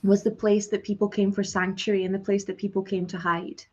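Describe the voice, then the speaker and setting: A woman's voice: medium pitch, little pitch movement, a little fast, slightly rough, lo-fi sound. A woman hosting an interview, talking earnestly and chattily with many fillers over a video call. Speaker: host, course teacher. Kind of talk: conversational interview.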